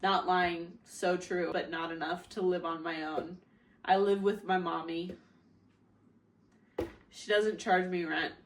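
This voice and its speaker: A woman's voice: fairly low pitch, steady tone, slow, long pauses, a little hiss or hum. A young American woman, audibly drunk, rambles through a casual vlog. She swears freely, laughs at her own stories and mocks herself while she talks. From United States. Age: young adult. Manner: rambling, laughing, crude and self-mocking. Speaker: vlogger.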